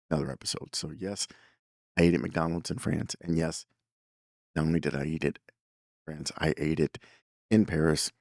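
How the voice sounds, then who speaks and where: A man's voice: sits low, gravelly, darkish tone, no room sound, clean studio sound. A man hosting a show, telling a story in a casual, rambling way, with lots of fillers and self-corrections. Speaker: podcast host.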